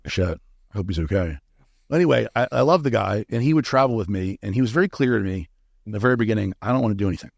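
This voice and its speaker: Gravelly-voiced man telling blunt stories. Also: fairly low pitch, expressive, fast, no room sound, clean studio sound. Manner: candid, profane, acts out quoted dialogue. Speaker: guest, supplement company founder. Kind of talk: casual interview storytelling.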